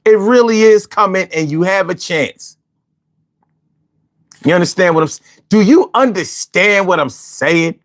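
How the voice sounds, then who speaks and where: A man's voice: sits high, expressive, measured pace. A man hosting a casual livestream, talking in slang and repeating phrases for emphasis. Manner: slangy, peppers speech with "yo". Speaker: livestream host.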